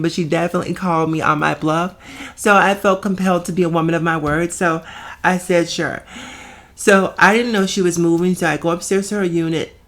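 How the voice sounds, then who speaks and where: A young adult woman with a fairly low voice tells a neighbor story straight to her viewers. She is chatty and conversational, stepping off into asides and restarting her sentences. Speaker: storytime vlogger. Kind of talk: casual storytelling to camera.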